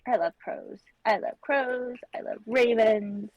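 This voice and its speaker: A woman's voice: a little high, steady tone, takes it slowly, a little mellow, dry recording, low-quality recording. A woman chatting casually while drawing on a livestream, explaining things plainly step by step. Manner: matter-of-fact, explains step by step. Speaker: livestream artist.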